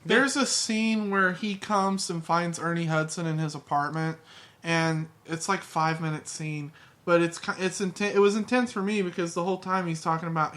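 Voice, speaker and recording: Podcast guy w a bright voice, rambles, keeps restarting sentences. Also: on the high side. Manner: rambling, restarts mid-thought. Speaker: podcast co-host. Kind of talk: casual chat.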